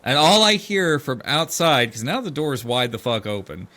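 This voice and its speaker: A middle-aged man on a podcast spins a casual family story in a bright, forceful voice. He swears freely and jumps into animated quoted voices as he goes, sitting at an even middle pitch for a man. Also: normal speed. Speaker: podcast host.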